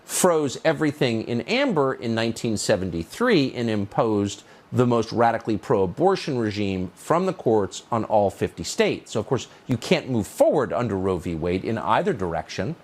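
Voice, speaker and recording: A man's voice: lowish voice, very animated, moderate pace, few pauses, darkish tone. A male commentator delivering a scripted monologue in a sarcastic, mocking, emphatic manner. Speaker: political commentator.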